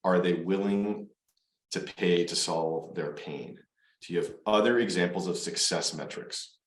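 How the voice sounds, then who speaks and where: A man with a very low voice hosts an interview over a video call. He talks casually and often restarts his sentences mid-thought. The sound is roomy and echoey. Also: measured pace. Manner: restarts phrases often, conversational. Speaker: host, venture partner. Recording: echoey room.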